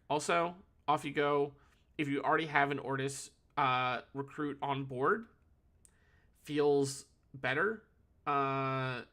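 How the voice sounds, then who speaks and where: A man's voice: mid-range voice, pushed and bright. A man calling a card game tournament solo, analytical and thinking aloud, correcting himself as he goes. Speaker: tournament caster.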